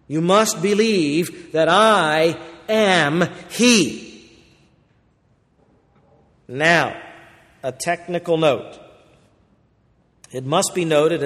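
A man preaching a sermon as pastor, emphatic, moving between loud declarations and quiet asides. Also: fairly high pitch, big-room sound.

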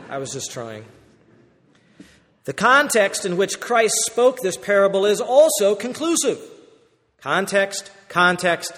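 A man's voice: on the high side, a bit bright, long reverb tail. A man preaching an earnest, explanatory sermon, stressing key words.

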